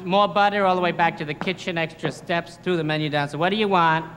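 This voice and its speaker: A man's voice: fairly high pitch, steady tone, fast, a bit bright, natural voice. A man impersonating a rude, bossy waitress who barks curt orders. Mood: impatient. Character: rude bossy New York waitress, woman. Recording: roomy hall with noise.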